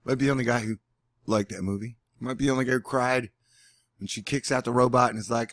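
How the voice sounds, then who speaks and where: Sarcastic, rambling man with a gravelly voice. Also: medium pitch, steady tone, fast, no room sound, studio quality. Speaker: weather vlogger. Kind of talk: casual vlog commentary. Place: indoors at home.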